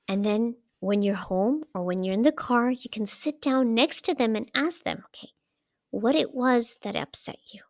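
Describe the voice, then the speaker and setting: A woman giving parenting advice as a coach, in a calm coaching delivery that keeps checking in with "okay?". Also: fairly high pitch, moderate pace, no room sound, studio quality. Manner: checks in often with "okay?" and "right?". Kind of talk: explaining parenting advice to camera.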